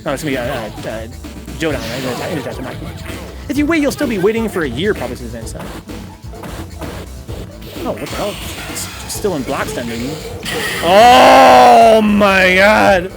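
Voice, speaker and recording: A man's voice: mid-range voice, big pitch swings, a little fast, pauses often. A man hosting a casual live game stream, rambling and chatty, reading chat messages aloud and swearing casually. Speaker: streamer and host. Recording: game music playing under the voice.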